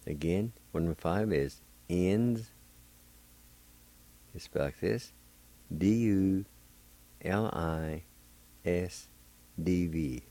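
A man hosting a radio language lesson, spelling words letter by letter and repeating each word slowly. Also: low-pitched, dark tone. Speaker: radio host teaching Cherokee words.

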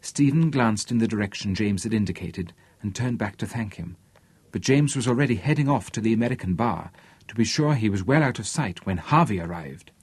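A man narrating an audiobook in a lively, expressive reading. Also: lowish voice, fairly quick, slightly rough, no room sound. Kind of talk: scripted narration.

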